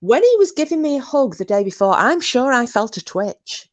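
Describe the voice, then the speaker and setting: Woman, brash storyteller, lively swooping voice, dry close mic. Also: fairly high pitch, normal speed, dry recording. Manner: animated, swearing, shrieking when acting out herself. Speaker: co-host. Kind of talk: casual storytelling chat.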